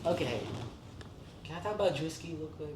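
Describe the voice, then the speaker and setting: A podcast co-host in casual chat, animated and quick to laugh, with lots of "like" fillers. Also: mid-range voice, noisy background. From Vietnamese heritage. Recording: roomy, distant mic with faint ambience.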